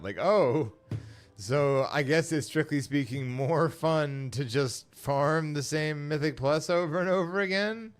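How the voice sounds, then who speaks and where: A man's voice: fairly high pitch, slow. A man co-hosting a comedy show, laid-back and wry, rambling through complaints. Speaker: co-host. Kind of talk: comedic casual talk.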